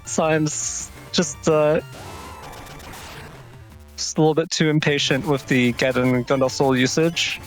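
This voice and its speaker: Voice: mid-range voice, steady tone, unhurried, pauses often, soft background music. A commentator calling an online game match, given to dramatic mock-angry rants and repeated phrases. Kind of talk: casual esports commentary.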